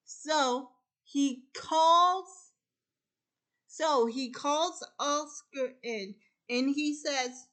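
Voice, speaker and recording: A woman retelling a film plot in a casual chat, halting and stringing events together with repeated "and then.". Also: high-pitched, a bit bright.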